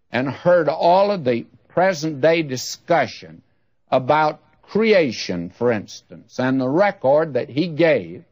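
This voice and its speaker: A man's voice: on the high side, no room sound. Male Bible teacher, folksy radio talk, rhetorical questions, dry close sound, muffled old recording. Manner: folksy, addresses listener directly.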